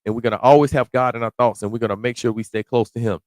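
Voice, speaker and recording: A man's mid-range voice, fairly even in intonation, carries a verse-by-verse sermon on a psalm with no room sound, recorded close in a deadened space. He takes the old scripture slowly and deliberately before breaking it down in casual slang, sometimes shouting.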